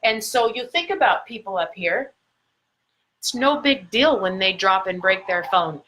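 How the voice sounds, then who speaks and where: A middle-aged life coach gives her viewers a motivational talk in a medium-pitched, fairly bright voice at a measured pace. Recording a live video on a phone or camera mic, the audio is poor with a little hiss or hum, and she stretches out key words for emphasis.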